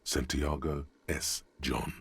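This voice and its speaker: A man voicing the narrator of a video game, telling the scene in a deep, gravelly voice with a slow, measured delivery. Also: level tone, fairly bright tone, no echo, full character voice. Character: grave older male narrator voice.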